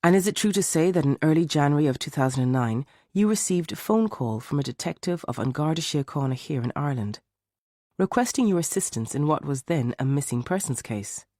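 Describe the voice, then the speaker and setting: A man's voice: fairly high pitch, animated, fairly quick, a little mellow, no echo, clean studio sound, close to an everyday voice. A man doing a pressing defence barrister. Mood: probing. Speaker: defence lawyer.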